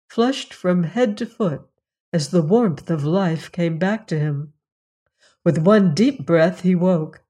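Audiobook narrator: woman, lower voice, unhurried, solemn fairy-tale delivery. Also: warm tone. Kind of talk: storybook reading.

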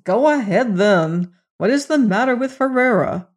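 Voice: medium pitch, animated, moderate pace, voice pushed up, natural voice. An audiobook narrator voicing an irritable, snappish young male medical student in a storybook reading. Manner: snappish, sly.

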